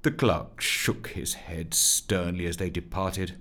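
A man narrating a comic story as an audiobook, with expressive storytelling. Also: deep voice, a little slow, hardly any pauses.

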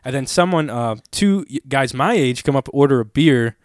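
A young man in casual chat, telling rambling, animated stories full of fillers and swearing. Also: mid-range voice, moderate pace, no echo, clean studio sound.

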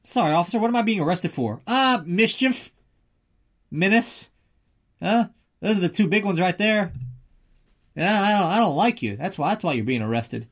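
A man doing a high cranky old grouch. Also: lively intonation, normal speed, long pauses, a bit bright, full character voice. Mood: grumbling. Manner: fussy, indignant grumbling.

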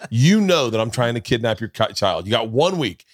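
The host of a podcast, a man, shares stories in relaxed chat at a moderate pace, bringing quotes to life with big pitch jumps. His animated voice comes through clean studio sound, free of room sound.

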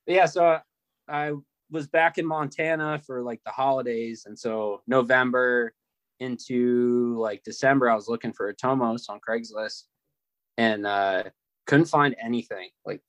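A man telling stories as a guest on a podcast, relaxed and rambling, with easy laughs. His voice is of middle pitch for a man. It is recorded close and dry. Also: a little slow, no echo. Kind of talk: casual chat.

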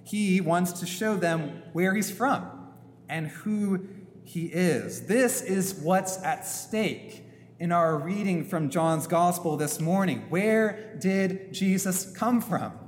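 A man preaching a sermon as a priest in a church, slow and emphatic, posing rhetorical questions. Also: high-pitched. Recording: long church reverb, faint hum.

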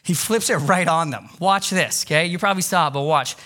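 Animated man preaching a sermon. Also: fairly high pitch, fairly quick. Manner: animated, acts out quoted voices, emphatic repetition. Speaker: pastor.

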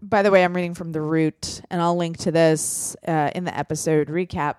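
A woman's voice: deep voice, fairly even intonation, normal speed, darkish tone, clear, resonant tone, no echo, clean studio sound. A woman hosting a podcast, reading out news items and explaining them wryly to her co-hosts in casual chat. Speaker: podcast host.

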